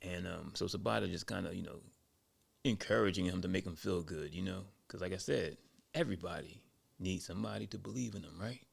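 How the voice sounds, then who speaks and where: Gravelly, husky male storyteller. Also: deep voice, fairly quick. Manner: loose, conversational, many asides. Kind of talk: casual spoken storytelling.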